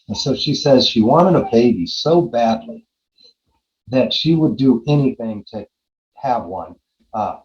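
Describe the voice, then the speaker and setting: A man's voice: medium pitch, darkish tone, muffled recording, a little hiss or hum. A man in his forties, a podcast guest, earnestly telling a personal story and re-enacting his own side of a conversation. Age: 40s.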